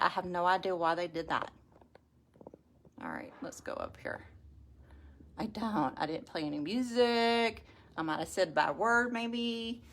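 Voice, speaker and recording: A woman's voice: mid-range voice, a little hiss or hum. A woman hosting a casual live craft stream, chatting to viewers and laughing often. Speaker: craft livestream host.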